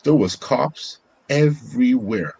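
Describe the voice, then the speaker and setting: A man co-hosting a casual podcast, telling a story step by step in relaxed slang. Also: medium pitch, takes it slowly, vocal fry, breathy edge, no room sound. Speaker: podcast co-host.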